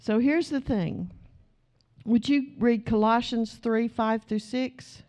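A middle-aged woman preaches to her church congregation in an emphatic, direct way. Her voice sits slightly high for a woman, and she speaks plainly to the people in front of her. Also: steady tone, slow, a little mellow. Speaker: pastor. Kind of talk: sermon.

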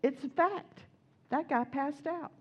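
A woman preaching a sermon in a conversational, animated storytelling way, acting out quotes as she goes. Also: high-pitched, slow, dull audio.

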